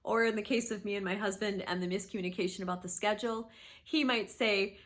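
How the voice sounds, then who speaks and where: A woman in her thirties with a bright, clear voice, talking straight to camera as a therapist. Her delivery is earnest and emphatic, and she sometimes sinks to a soft near-whisper. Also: mid-range voice, fairly even intonation, fast talker. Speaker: therapist and video host. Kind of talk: warm instructional talk to camera.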